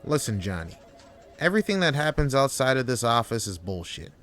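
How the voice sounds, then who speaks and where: A man's voice: mid-range voice, sing-song, brisk, a bit bright, faint music behind, pitched above the performer's own voice. A man voicing a demanding, belittling office boss who talks down to his worker. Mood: threatening. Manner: bossy, belittling, raised voice.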